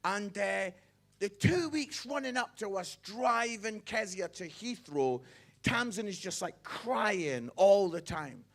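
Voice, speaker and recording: A middle-aged man, a pastor telling a personal story in a sermon, animated and chatty, often checking in with his listeners. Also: sits high, slow.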